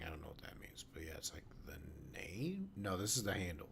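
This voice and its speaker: A man's voice: deep voice, very animated, normal speed, hardly any pauses, a little hiss or hum. A sleepy man studying code, reading notes half-whispered and thinking aloud. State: sleepy, yawning. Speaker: student learning to code.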